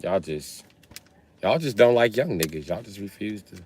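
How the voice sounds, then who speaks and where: A man's voice: on the low side, lively intonation, moderate pace, darkish tone, slight background noise. A man ranting casually on a livestream, rambling, swearing and laughing often. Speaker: livestream host. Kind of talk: casual comedic rant.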